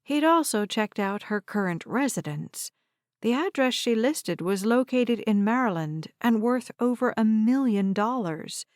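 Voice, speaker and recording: A woman narrating a novel in a measured, deliberate way. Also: on the high side, animated, no room sound, studio quality. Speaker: audiobook narrator. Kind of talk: scripted narration.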